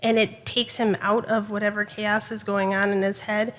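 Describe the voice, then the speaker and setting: A woman social worker explaining coping skills to parents in a relaxed, casual way, with fillers. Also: mid-range voice, moderate pace.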